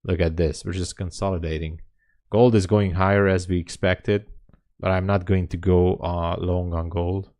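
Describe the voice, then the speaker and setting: A day trading livestreamer with a Hungarian accent chats casually from home, laughing often as he answers viewer comments. His voice is low-pitched and a little mellow, with little pitch movement and a moderate pace.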